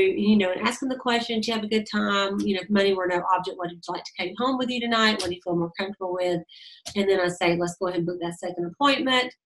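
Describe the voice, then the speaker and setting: A woman's voice: mid-range voice, rough recording. A middle-aged woman, chatting casually as a sales director and acting out conversations with customers as she tells stories. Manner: chatty storytelling, acts out dialogue, laughs often. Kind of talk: casual advice monologue.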